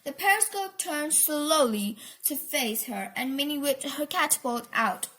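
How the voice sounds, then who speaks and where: High-voiced woman reading a storybook. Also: a little slow. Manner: expressive read-aloud with asides about the pictures. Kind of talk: reading a children's book aloud.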